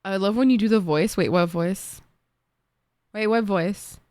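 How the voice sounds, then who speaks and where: A woman's voice: mid-range voice, a little slow, no echo, studio quality. Chatty young woman with an Egyptian accent. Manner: chatty, animated, laughs easily, bursts into song. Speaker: streamer. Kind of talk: casual chat with viewers.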